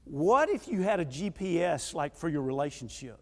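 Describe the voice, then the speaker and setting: Male preacher, high voice, animated storyteller, echoey church hall. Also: moderate pace. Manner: animated storyteller, acts out quoted voices, drops quiet and earnest later. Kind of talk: sermon with personal stories. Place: church auditorium.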